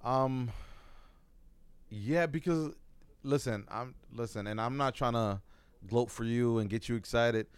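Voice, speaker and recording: A man's voice: medium pitch, unhurried, long pauses, smooth, no room sound. A young man co-hosting a loose, profane podcast chat about music and sports, laughing often. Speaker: podcast co-host. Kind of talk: casual chat.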